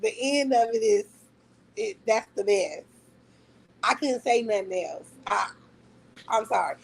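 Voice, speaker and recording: A woman's voice: mid-range voice, expressive, unhurried, creaky, slightly rough, low-quality recording. A woman hosting a casual livestream, mocking and trash-talking someone with bursts of laughter. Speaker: livestream host. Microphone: talking to a phone on a live stream.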